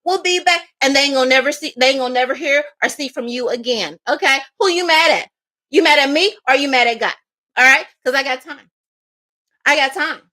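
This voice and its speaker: A woman's voice: high-pitched, brisk, pushed and bright. A woman doing a livestream tarot reading, talking in a sassy, emphatic way with laughs and mocking asides. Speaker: psychic tarot reader.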